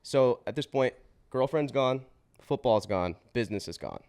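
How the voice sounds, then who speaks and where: A man in his twenties, a podcast guest, telling his life story in a casual, slangy way with swearing and quick restarts. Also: mid-range voice, lively intonation, a little mellow. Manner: slangy and swearing, says bro and dude; fast run-on telling with restarts.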